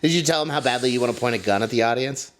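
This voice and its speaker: A man's voice: mid-range voice, very fast. A man co-hosting a podcast, joking and teasing in casual chat, then telling his own story. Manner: teasing, jokey interjections. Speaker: podcast co-host, comedy event runner.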